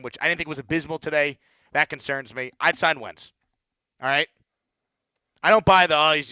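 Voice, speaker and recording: Male call-in sports host, bright forceful voice, dry close mic, blunt and fired up. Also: a little high, clear, resonant tone, no echo. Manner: blunt, fired-up, repeats words when heated. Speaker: sports talk show host. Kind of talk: postgame call-in show rant.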